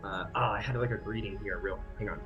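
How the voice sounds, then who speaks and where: A man's voice: lowish voice, fairly even intonation, fast, muffled recording, music in the background. A man running a tabletop game as game master, narrating in a rambling way full of fillers and restarts.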